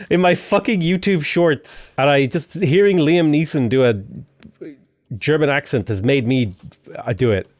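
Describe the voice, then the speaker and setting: A young Irish man giving playful, excitable commentary over a strategy game, full of jokey asides. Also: on the high side, normal speed, no room sound, studio quality. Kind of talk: casual gameplay commentary.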